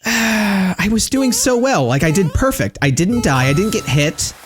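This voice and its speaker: A man giving live gameplay commentary as a streamer. He is excitable, swears, and talks straight to his chat. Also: high voice, measured pace. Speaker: game streamer. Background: game music.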